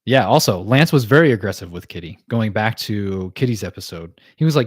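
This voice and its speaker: A man's voice: lowish voice, expressive, no echo. Chatty man recapping cartoons, dry sound. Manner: chatty, laughs often, many fillers and quick asides. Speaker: podcast host. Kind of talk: casual livestream chat recapping cartoon episodes.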